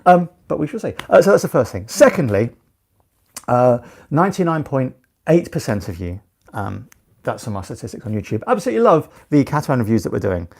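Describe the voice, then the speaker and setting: A man co-hosting a live stream, chatting casually and telling animated, joking stories. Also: mid-range voice, a little fast, vocal fry. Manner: animated, jokey, rambling storyteller. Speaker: sailing vlog co-host.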